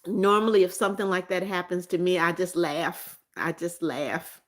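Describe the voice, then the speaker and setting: Speaking at a moderate pace with a fairly low, fairly even voice, a middle-aged American woman hosts a casual livestream. She chats and reads viewer comments aloud, often repeating greetings and names.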